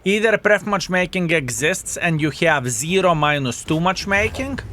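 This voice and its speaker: A man's voice: sits high, animated, moderate pace, pushed and bright, a little hiss or hum. A man streaming a tank game, commenting on the action, swearing and thanking chat viewers by name. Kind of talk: live gameplay commentary and chat reading.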